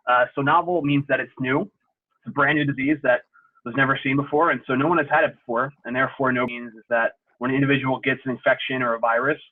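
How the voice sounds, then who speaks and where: A young man talks through a virtual presentation in an easygoing, explanatory way, often pausing on "um" and "uh". His voice sits at an ordinary middle pitch. The call audio is thin and phone-like. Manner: relaxed, explanatory, frequent "um" and "uh". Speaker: sports medicine presenter. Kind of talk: virtual safety talk. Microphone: video call.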